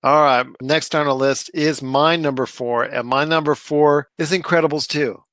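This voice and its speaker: A man's voice: fairly high pitch, steady tone, a bit bright, no echo. A man co-hosting a podcast, chatting casually and enthusiastically about movies he loved. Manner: enthusiastic, emphatic, drawn-out phrasing. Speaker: podcast co-host. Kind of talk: casual movie review chat.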